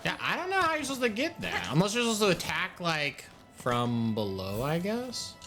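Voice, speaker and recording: A man's voice: high voice, huge pitch swings, normal speed, over music. A young man chatting casually while streaming a game live, reacting aloud to what happens and to his chat.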